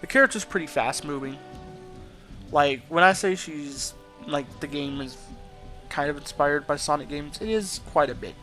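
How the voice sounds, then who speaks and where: Calm, gravelly-voiced gaming commentator. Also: male voice, a little high. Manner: calm, soft-spoken, rambling. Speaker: let's play commentator. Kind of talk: casual game commentary. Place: home at night. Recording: with game music behind.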